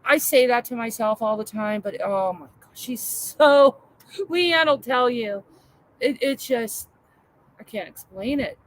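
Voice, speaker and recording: A middle-aged woman chatting casually as co-host, telling animated stories about her home and family. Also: a little high, measured pace. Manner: chatty, animated storyteller acting out her daughter. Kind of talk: casual chat.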